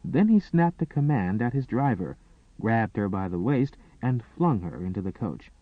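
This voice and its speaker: A man narrating a romance audiobook in a dramatic, expressive reading style. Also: lowish voice, normal speed, dry recording. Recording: dry, tinny phone-like sound.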